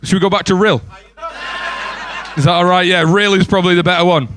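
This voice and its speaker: A man's voice: high voice, steady tone, quick pace, fairly bright tone. A man in his twenties with an English accent, performing a stand-up comedy set and bantering with the crowd. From England. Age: 20s. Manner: banters with the crowd, acts out voices in stories. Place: comedy club stage.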